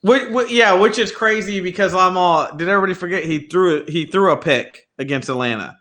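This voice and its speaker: A man co-hosting a casual sports talk show, animated and slangy, often slipping into quoting others. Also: high-pitched, fairly quick. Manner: animated, slangy, quotes others in put-on voices. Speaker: sports podcast co-host. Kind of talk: casual chat.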